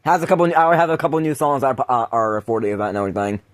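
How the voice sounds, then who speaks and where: A man hosts a loose, casual podcast and talks in a rambling way. He laughs often and keeps restarting his sentences. His pitch sits in a middle range for a man. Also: expressive, racing. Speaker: podcast host. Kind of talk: casual chat.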